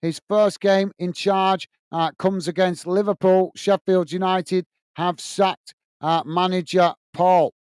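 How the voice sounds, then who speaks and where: Male watch-along host, high and smooth, casual and chatty, dry close mic. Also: flat delivery, slow pace, hardly any pauses, darkish tone, no echo. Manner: chatty, loose, often calls listeners "mate"; reads viewer comments aloud. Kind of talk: casual live-stream chat and match commentary.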